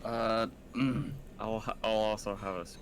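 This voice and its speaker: Brief: low-voiced male player on voice chat, halting and unsure, faint hiss. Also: level tone. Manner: halting, filler-heavy. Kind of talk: casual game chat. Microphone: Discord voice chat.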